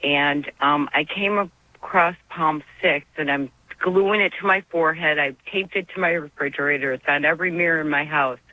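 A woman's voice: low voice, normal speed, dry recording. A woman calling in to a radio show, earnest and near tears as she speaks. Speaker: caller. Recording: tinny phone line.

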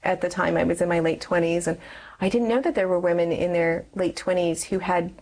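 A woman's voice: fairly low pitch, fairly even intonation, brisk, darkish tone, low-quality recording. Earnest woman telling a personal story. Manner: earnest storytelling, acts out past dialogue. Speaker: guest. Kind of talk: personal testimony in an interview.

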